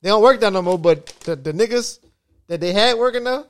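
A man with a noticeably high speaking voice co-hosts a relaxed podcast conversation. He tells his stories with plenty of energy, swears freely and breaks into laughter as he goes. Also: a little fast, smooth. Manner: animated storytelling, profane, laughs often. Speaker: podcast co-host. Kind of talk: casual chat.

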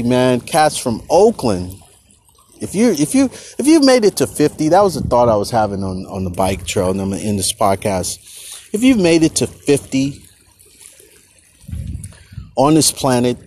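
A man's voice: medium pitch, mellow, a little hiss or hum. A middle-aged man hosting a casual podcast, rambling loosely outdoors on a bike trail, restarting and repeating words. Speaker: podcast host.

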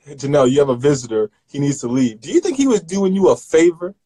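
A man hosting a live stream, teasing his guest with quick questions, heard from off-mic. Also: fairly high pitch, lively intonation, mellow, slightly rough. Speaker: host.

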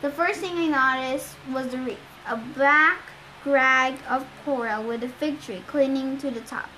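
A woman's voice: sits high, unhurried, bright, forceful tone, slight background noise, rough recording. A woman reading a novel aloud, with occasional stumbles and restarts. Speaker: reader.

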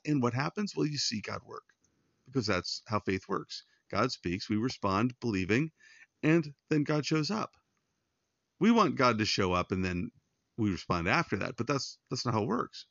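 A man's voice: mid-range voice, expressive, normal speed, vocal fry, fairly bright tone, dry recording, dull audio. A man hosting a devotional podcast, giving earnest, conversational Bible teaching straight to his listeners. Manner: earnest, pastoral, addresses listeners directly.

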